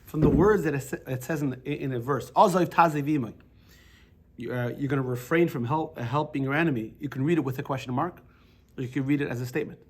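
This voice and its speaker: A man teaching a Torah class in a chatty, halting way, telling jokes and restarting his sentences. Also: medium pitch, darkish tone, slightly rough.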